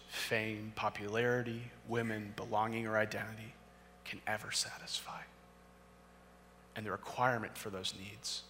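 A man's voice: on the low side, bright, forceful tone, long reverb tail, a little hiss or hum. A man preaching a sermon, reading scripture aloud and then building to impassioned emphasis.

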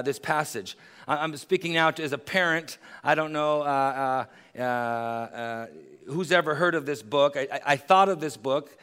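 A man's voice: fairly high pitch, fairly bright tone. A man preaching a sermon, earnest and building to emphatic peaks. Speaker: pastor. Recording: long reverb of a large hall.

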